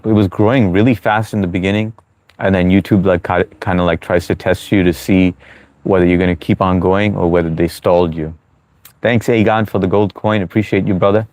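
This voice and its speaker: A man with a very deep voice hosts a relaxed live stream, reading comments aloud and chatting with viewers as bro and man. His voice sounds dry and close, with no room around it. He talks in an easygoing, casual way. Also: dry recording.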